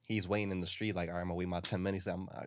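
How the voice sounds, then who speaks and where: A man with a lowish voice tells a story on a podcast, loose and slangy, leaning hard on "like" as he rambles along. He sits a little back from the mic, so his voice sounds somewhat distant. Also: little pitch movement, racing, slight background noise. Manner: rambling slang-heavy retelling, packed with "like". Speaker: podcast host. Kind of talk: casual storytelling chat.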